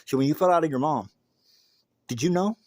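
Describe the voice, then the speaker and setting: A furious lion who rules the jungle by roaring, as a man acts him out. He speaks in gruff, bellowing bursts, raised in pitch and volume. The sound is dry. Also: fairly quick, darkish tone, dry recording, natural voice. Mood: angry. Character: angry, violent male lion, bully of the jungle.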